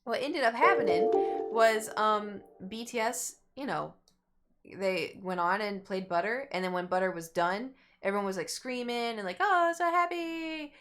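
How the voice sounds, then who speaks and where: A woman's voice: mid-range voice, moderate pace, faint music behind. A young adult woman streamer casually telling a long story to her chat, rambling and acting out what people said. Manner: rambling, animated, acts out quotes.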